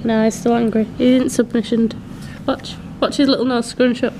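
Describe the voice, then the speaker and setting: A woman's voice: fairly high pitch, little pitch movement, normal speed. A woman in a casual home vlog, giggly and chatty, coaxing her dog. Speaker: vlogger. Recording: loud background noise, home video.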